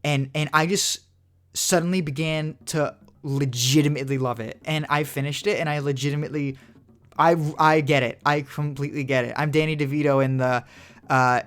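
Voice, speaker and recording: A man's voice: a little high, steady tone, moderate pace, a bit bright. A young man co-hosting a podcast, rambling in casual chat with lots of "like" fillers and casual swearing. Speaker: podcast co-host.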